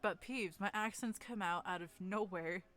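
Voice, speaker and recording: A woman's voice: mid-range voice, normal speed, a bit bright. Giggly woman streamer chatting casually. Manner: giggly and self-deprecating, laughs often between lines; stumbles and restarts her words. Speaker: streamer hosting a group fanfic reading. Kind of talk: casual livestream chat.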